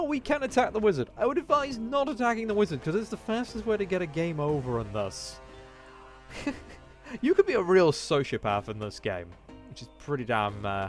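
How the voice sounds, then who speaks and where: A man reading a fantasy gamebook aloud, correcting himself as he goes and breaking off for chatty remarks. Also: sits high. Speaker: gamebook let's-player.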